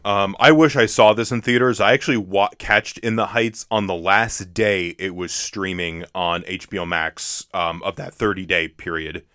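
Bright-voiced man, casual podcast chat. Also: low-pitched, steady tone, normal speed, few pauses, clean tone, dry recording, clean studio sound. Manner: hesitant, many fillers and restarts. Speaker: podcast co-host.

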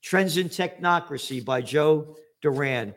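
A man's voice: a little high, a little slow, fairly bright tone. Blunt profane older New man. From New York, USA. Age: 70s. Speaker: host. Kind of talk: ranting commentary.

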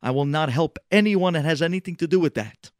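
A man voicing an excited, then furious, older male president, booming and shouting. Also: a little fast, no room sound, clean studio sound, natural voice.

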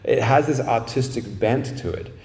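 A man preaching in a mellow, relaxed voice, easing into a story with many "uh"s and "like"s. He sounds a bit far from the microphone, like a preacher at an evening church meeting. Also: mid-range voice, moderate pace, echoey room. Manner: relaxed storytelling, frequent fillers. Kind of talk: sermon. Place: meeting room at an evening gathering.

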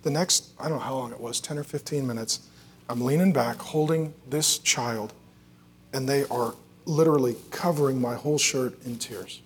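A man preaching a sermon, telling a personal story with big swings from loud, joking delivery to quiet, tender prayer. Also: medium pitch, moderate pace, slightly rough. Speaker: pastor.

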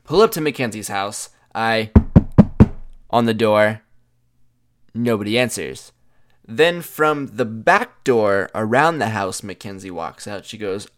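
A young man casually telling an animated story, chatty and full of "like" fillers. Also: lowish voice, takes it slowly, pauses often.

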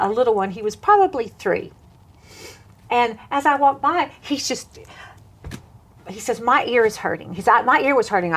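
A woman, a minister on television and radio, chatting on a Christian talk show and telling stories with lively voices and frequent laughter. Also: fairly high pitch, slightly rough. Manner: animated storyteller, laughs often, acts out voices.

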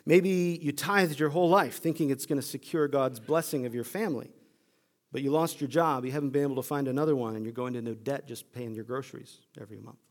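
A man pastor giving a conversational sermon, telling the story in an animated way. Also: medium pitch, fast.

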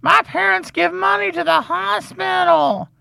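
A man's voice: unhurried, vocal fry, sharp tone, no room sound, exaggerated voice, low-quality recording. A man mimicking a whiny, entitled young customer who demands service. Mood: whiny, demanding. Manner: shrill, demanding.

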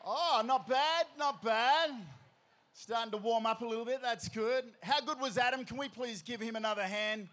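A man in his forties with an Australian accent, addressing a large festival crowd from the stage in an energetic, jokey call-and-response style, often shouting. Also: very high voice, brisk, hardly any pauses. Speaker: festival speaker.

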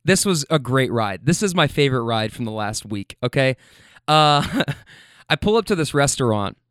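A man in his twenties telling stories from his rideshare driving in a casual, animated way, swearing freely. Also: mid-range voice, clean tone, no echo, clean studio sound. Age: 20s. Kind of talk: casual storytelling monologue.

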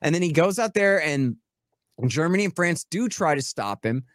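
A man's voice: fairly high pitch, animated, moderate pace, a bit bright, no echo, studio quality. A man speaking as a guest expert in a casual podcast conversation, rambling and sarcastic, swearing freely.

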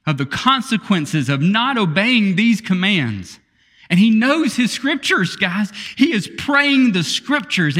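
A man preaching a sermon, reading scripture with laughter and quiet asides. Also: high-pitched, long reverb tail. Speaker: pastor.

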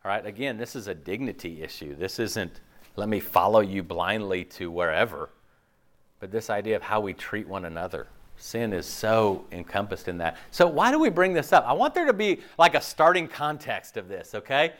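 Speaking at a moderate pace in a voice on the low side, this pastor delivers a sermon in an animated, conversational manner. He frequently drops "okay?" and "like" fillers and acts out how imagined listeners might react.

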